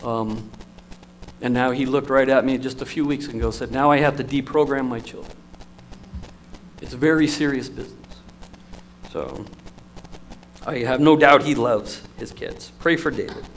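A man's voice: medium pitch, moderate pace, slight background noise, rough recording. Man preaching an emotional sermon. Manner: storytelling, emotional, lively shifts in loudness.

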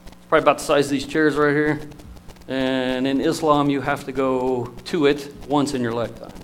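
A man preaching a sermon, telling stories in an emotional, storytelling manner with lively swings in loudness. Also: mid-range voice, normal speed, a little hiss or hum, poor audio.

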